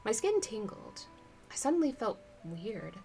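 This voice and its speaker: A woman reads a children's book aloud to her viewers in an unhurried, relaxed way, stopping for chatty asides. Her pace is slow and easy, with faint music playing softly in the background. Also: medium pitch, creaky. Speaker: streamer reading a book aloud. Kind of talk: unhurried live reading with asides.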